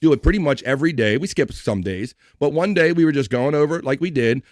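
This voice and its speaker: A man's voice: a little high, animated, fast talker, no room sound, clean studio sound. A man hosting a casual live stream, chatting and joking as he reads out viewers' messages. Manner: chatty, reads chat messages aloud, jokey.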